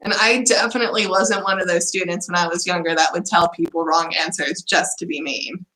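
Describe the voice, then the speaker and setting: A woman's voice: on the low side, fairly even intonation, brisk, sharp tone, roomy sound, low-quality recording. A young woman from the United States chatting casually in a student vlog, self-deprecating and giggly. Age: young adult. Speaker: student vlogger.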